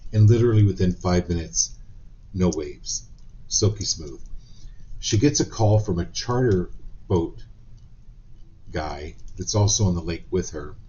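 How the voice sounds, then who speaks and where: A man with a very low voice leads a live-stream card reading, speaking casually and with lively storytelling. The sound is slightly dull and lo-fi. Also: a little slow, pauses often, slight background noise. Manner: storytelling, animated retelling of quotes. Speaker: psychic reader.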